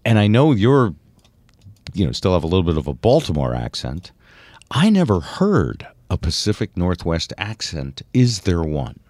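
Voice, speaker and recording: A man hosting a casual podcast chat, chatty and teasing, quick to laugh. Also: low voice, huge pitch swings, darkish tone, no echo. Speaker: host.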